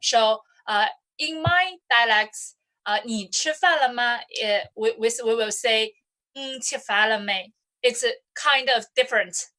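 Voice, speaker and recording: Chinese woman teacher, english as second language, slow halting speech, bright tone. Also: on the high side, low-quality recording. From China, Zhejiang province. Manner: slow, halting with many "uh" and restarts. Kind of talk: classroom explanation in English.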